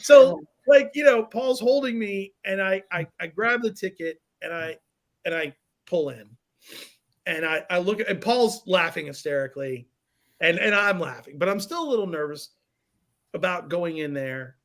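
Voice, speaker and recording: A man's voice: sits high, lively intonation, moderate pace, a bit bright. A man guest on a podcast, animatedly telling a funny story with a laugh in his voice. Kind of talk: casual storytelling.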